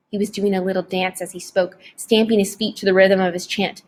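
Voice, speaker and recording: A woman narrating a novel chapter aloud in a dramatic, expressive audiobook reading. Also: mid-range voice, fairly quick, hardly any pauses. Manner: dramatic, varied storytelling delivery.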